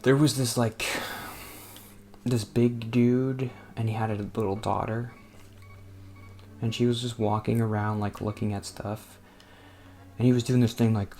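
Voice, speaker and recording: This let's play host from New Jersey speaks at a measured pace with long pauses, his medium-pitched voice steady and dark in tone. He rambles hesitantly through casual gameplay commentary, using many fillers, interrupting himself and muttering under his breath at the game.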